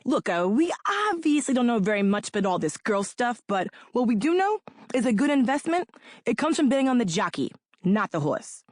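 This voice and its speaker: A woman's voice: on the high side, big pitch swings, fairly quick, dry recording, studio quality. A woman voicing a blunt, businesslike male investor who talks deals in a casual, matter-of-fact way.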